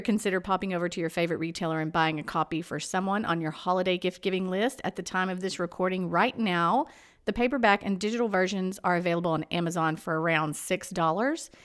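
Sarcastic woman with an East Texas lilt. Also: lowish voice. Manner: sarcastic, with dramatic pauses. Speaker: podcast host and author. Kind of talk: reading her own memoir aloud.

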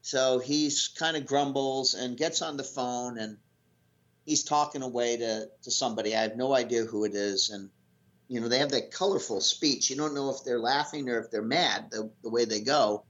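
A man's voice: medium pitch, normal speed. Rambling storyteller man on lo-fi audio. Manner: animated storyteller, rambling with fillers and restarts. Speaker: guest telling a sailing story. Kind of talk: casual anecdote. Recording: lo-fi dull audio.

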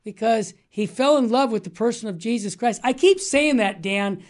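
Hosting a relaxed religious talk show, a Catholic radio host in his sixties speaks in a high voice at a moderate pace. He spins stories with emphasis and tends to ramble.

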